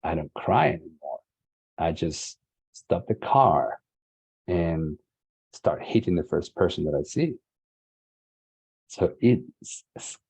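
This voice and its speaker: A man's voice: sits low, dark tone, breathy edge, rough recording. A man in his forties from Latin America giving an earnest, emphatic motivational talk and repeating key words for stress. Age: 40s. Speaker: summit speaker.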